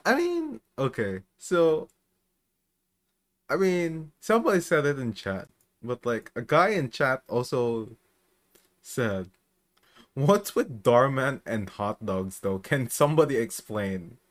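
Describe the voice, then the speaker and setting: A man chatting casually on a streamer podcast, animated and saying "dude" a lot. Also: medium pitch, slow. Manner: animated, says "dude" often, laughs while talking. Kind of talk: casual chat.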